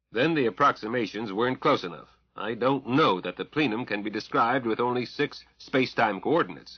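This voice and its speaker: A man's voice: mid-range voice, husky, no echo, muffled recording, pitched above the performer's own voice. A man reading an audiobook, voicing a cautious, scholarly mathematician who explains things carefully. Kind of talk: audiobook character voice.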